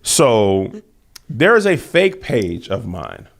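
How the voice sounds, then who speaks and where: A man's voice: on the low side, sing-song, takes it slowly, vocal fry. A man co-hosting a podcast in casual chat, talking things through carefully with frequent restarts. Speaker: podcast co-host.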